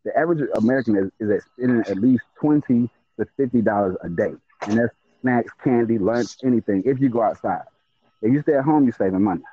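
A man's voice: medium pitch, quick pace, slight background noise. A man in a casual podcast chat, telling stories with lots of repeats and stutters as he gets worked up. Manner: animated storytelling, stutters and repeats when worked up. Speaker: podcast co-host. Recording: tinny phone-like sound.

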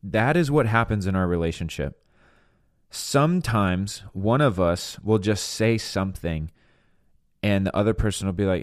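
Young guy, low voice, earnest podcast preacher chatting casually, dry sound. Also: animated, normal speed, no echo. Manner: earnest, candid, conversational. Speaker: podcast host and minister. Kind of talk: casual teaching monologue.

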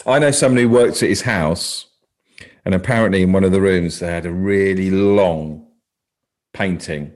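A man hosting a podcast, chatting casually with quick, animated asides. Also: sits low.

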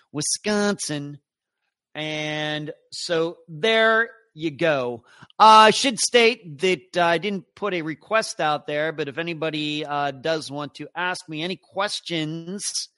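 A man's voice: a little high, sharp tone, dry recording. A man hosting a live true crime show, chatting casually and greeting viewers one by one. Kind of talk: casual livestream chat.

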